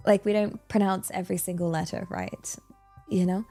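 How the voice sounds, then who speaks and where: A woman's voice: medium pitch, steady tone, normal speed, dark tone, faint music behind. A woman hosting a casual livestream Q&A, rambling with lots of fillers and giggles. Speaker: VTuber streamer.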